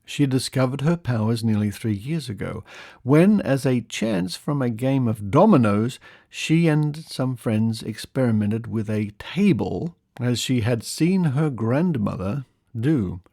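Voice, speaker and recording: Man, podcast host, gravelly voice, dry close sound, reads aloud with wry asides. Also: medium pitch, expressive, measured pace, dark tone, dry recording. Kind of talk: reading old articles aloud with asides.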